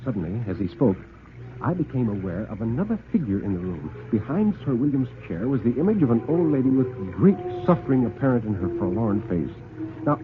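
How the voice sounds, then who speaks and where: A man narrating a suspense story in a theatrical radio storytelling style, also introducing the next tale as host. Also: medium pitch. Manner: theatrical, expressive. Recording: tinny old radio broadcast.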